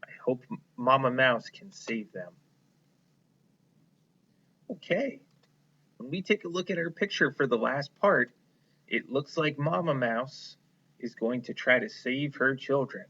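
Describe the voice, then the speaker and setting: A man's voice: medium pitch, animated, measured pace, pauses often, sharp tone, muffled recording. A male elementary school teacher reading a picture book aloud and explaining it to young children in a patient, encouraging way.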